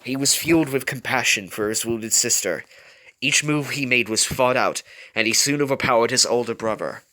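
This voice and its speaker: A man's voice: mid-range voice, normal speed, bright, forceful tone. A man reading a fan story aloud, telling it dramatically with small slips. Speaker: reader.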